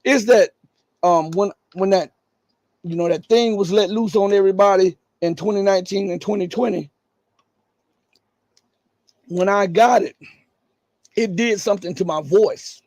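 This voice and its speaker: Raspy high-voiced guy doing a live news show, dry close sound, keeps firing rhetorical questions. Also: unhurried, long pauses, darkish tone, no echo. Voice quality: scratchy, raspy. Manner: emphatic, full of rhetorical questions. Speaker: live-stream news commentator.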